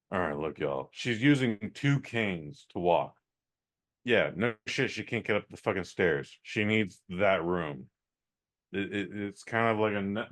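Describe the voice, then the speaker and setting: A man's voice: fairly low pitch, fairly bright tone. Profane, rambling male podcast host. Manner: profane, rambling, exasperated storytelling. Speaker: podcast co-host reviewing a movie. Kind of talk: casual comedic movie review.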